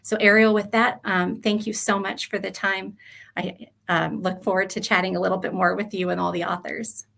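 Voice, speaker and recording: A woman's voice: medium pitch, flat delivery, normal speed, creaky, fairly bright tone. A woman author giving an earnest, reflective talk about her chapter, with frequent fillers.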